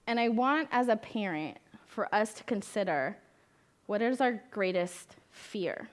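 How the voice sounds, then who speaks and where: A young woman therapist gives a conversational conference talk to parents, putting questions to the audience and acting out the voices of the people she quotes. She speaks in a mid-range voice with lively intonation and an unhurried pace.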